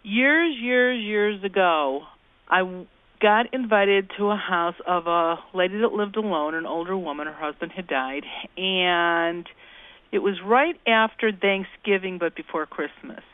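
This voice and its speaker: A woman's voice: lowish voice, unhurried, clear, resonant tone, no echo. A woman guest telling folksy ghost anecdotes in an interview, acting out the voices she quotes, heard over a phone call. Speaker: guest, ghost-talking cookbook author. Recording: tinny phone line.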